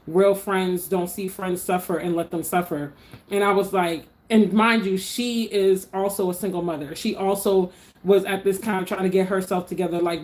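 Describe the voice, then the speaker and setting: A woman's voice: fairly low pitch, darkish tone. A young adult woman giving earnest, conversational encouragement to her viewers, often calling them y'all. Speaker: motivational vlogger. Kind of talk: casual spoken encouragement.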